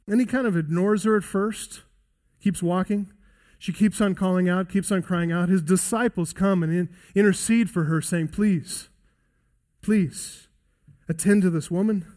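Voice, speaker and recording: Earnest high-voiced male preacher. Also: a little mellow. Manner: earnest expository preaching, varies pace for emphasis. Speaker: pastor. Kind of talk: sermon.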